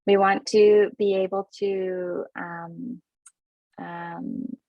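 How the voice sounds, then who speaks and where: A woman presenting a parenting webinar, talking quickly with many fillers and restarts. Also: mid-range voice, little pitch movement, dry recording. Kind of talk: webinar talk. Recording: dull, dry webinar audio.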